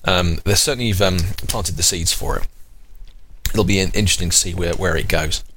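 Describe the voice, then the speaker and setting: A man's voice: low-pitched, brisk, a bit bright, a little hiss or hum. A man in his thirties hosting a podcast, rambling chattily and correcting himself along the way. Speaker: podcast host. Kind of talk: casual chat.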